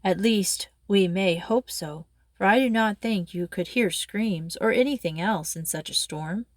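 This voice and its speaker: A woman's voice: mid-range voice, measured pace, dry recording, clean studio sound, lightly acted. A woman reading as a stern older father. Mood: dismissive. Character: stern cautious father, older lighthouse keeper.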